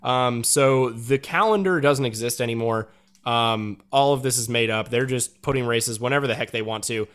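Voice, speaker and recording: A man's voice: mid-range voice, normal speed, a bit bright, smooth. A man hosting a podcast in casual chat, rambling with lots of fillers and restarts. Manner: rambling, filler-heavy, self-correcting. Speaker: podcast host.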